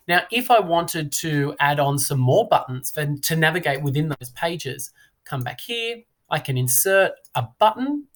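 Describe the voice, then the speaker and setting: A man, a teacher talking through a screen-recorded software tutorial in a relaxed, chatty way with many fillers. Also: on the high side. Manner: relaxed, chatty, frequent "uh" and "now".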